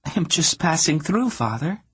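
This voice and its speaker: A man's voice: on the high side, animated, unhurried, husky, no room sound, voice pushed up. Man voicing a coy, headstrong young princess. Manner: coaxing, wheedling sweetness. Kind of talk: audiobook character voice.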